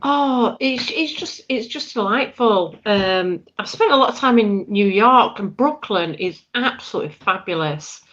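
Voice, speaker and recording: A woman's voice: medium pitch, animated, measured pace, hardly any pauses, a bit bright, highs cut off. A woman singer with an English accent, chatting in an interview and laughing often. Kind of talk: casual interview chat.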